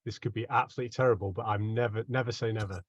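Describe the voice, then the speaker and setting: A man playing a tabletop game who narrates his character's antics in a lively way, laughing often. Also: on the low side, rapid-fire, no room sound. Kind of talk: animated in-character storytelling. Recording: dull, dry home mic audio.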